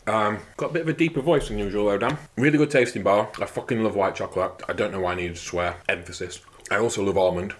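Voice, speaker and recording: A young man hosting a fitness channel runs through a casual product review, cracking crude jokes and swearing heavily. His voice is on the low side, with slight background noise.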